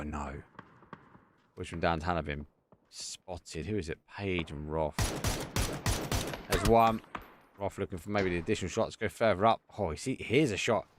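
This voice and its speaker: Man, esports caster, live play-by-play, quick excitable calls, low-pitched voice. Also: a little hiss or hum. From Essex, England. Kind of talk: live play-by-play game commentary.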